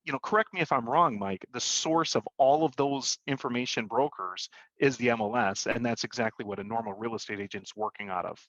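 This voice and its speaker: A man who works as a realtor, co-hosting an interview in a casual, halting way with many restarts. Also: mid-range voice, fairly bright tone, no room sound, muffled recording. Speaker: realtor and co-host.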